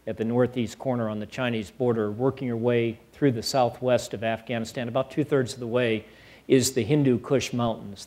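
A middle-aged man, an army general, giving a public lecture in a measured way, with many fillers and some dry humor. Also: medium pitch, darkish tone. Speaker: guest speaker, army general. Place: lecture hall.

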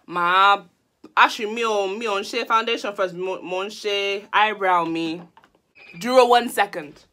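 Young woman, vlogger, giggly and playful, bright voice. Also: medium pitch. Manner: giggly, mixes Yoruba and English. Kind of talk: casual makeup tutorial vlog.

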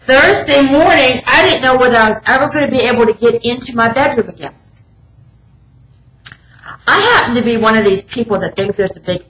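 A woman telling an animated, self-mocking story from the pulpit, acting out her own lines. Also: a little high. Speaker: speaker at a spiritual center. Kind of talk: casual storytelling sermon. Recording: echoey hall, faint background noise.

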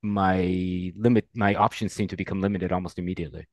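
A man's voice: deep voice, steady tone, fairly quick, dry recording. A man hosting a podcast conversation, agreeable and musing. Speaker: podcast host.

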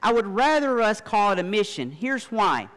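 Man, pastor preaching, emphatic, high voice, long church-hall echo. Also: big pitch swings, moderate pace, fairly bright tone. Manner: emphatic preaching with rising, stressed phrases. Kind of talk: sermon. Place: church sanctuary.

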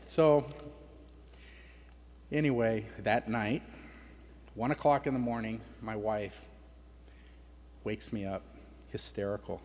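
A man's voice: medium pitch, slow, pauses often, darkish tone. A middle-aged man giving a personal testimony at a conference, telling a family story in a conversational way. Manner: conversational, acts out family dialogue. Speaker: conference speaker. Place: conference hall. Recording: reverberant hall with faint background noise.

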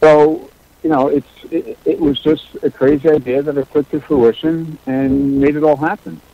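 A man's voice: fairly high pitch, steady tone, normal speed, no echo, narrow, tinny audio. A middle-aged man, a guest on a radio talk show, answering in a laid-back way with short, plain replies. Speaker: guest, entrepreneur. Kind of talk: radio interview.

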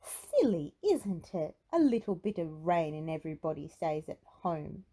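A woman's voice: fairly low pitch, very animated, unhurried, dark tone. A woman voicing a chatty female shopkeeper rabbit, close to her own voice.

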